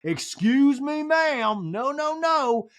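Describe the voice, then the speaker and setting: A prim, touchy socialite woman, as a man puts her on in a slow drawl and a raised voice. The delivery is dry and close to the mic. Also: very high voice, sing-song, a bit bright, dry recording, pitched above the performer's own voice, full character voice. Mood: indignant. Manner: slow drawl, starts lines with "well".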